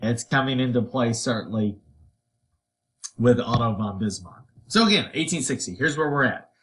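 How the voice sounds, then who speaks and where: A man giving a history lecture in a loose, conversational tone. He sits at a middle pitch and talks the way a teacher talks to a class, throwing in quick jokes and animated little voices for the figures he quotes. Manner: casual and conversational, with playful asides and voiced quotes.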